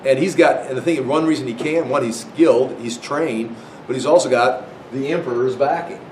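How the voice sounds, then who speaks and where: A man's voice: normal speed, darkish tone, recorded from a distance. A man giving an informal Bible history lecture, talking conversationally with frequent restarts and acting out quoted voices. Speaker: Bible teacher. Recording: echoey room with faint rumble.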